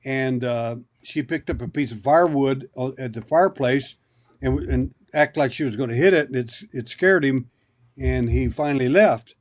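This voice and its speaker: A man of ordinary pitch sits in as a podcast guest and spins a long personal anecdote. He rambles, circles back and restarts his sentences as he goes, building the story piece by piece in a conversational telling. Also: normal speed. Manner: rambling, anecdotal, with many repeated starts. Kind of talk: storytelling in an interview.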